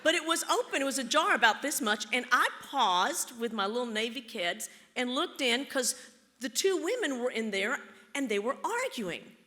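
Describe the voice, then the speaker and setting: Lively, playful woman storyteller on stage. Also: sits high, normal speed. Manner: theatrical, playful, teasing the audience. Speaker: keynote speaker, storyteller. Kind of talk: live storytelling keynote. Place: large auditorium. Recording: long auditorium reverb.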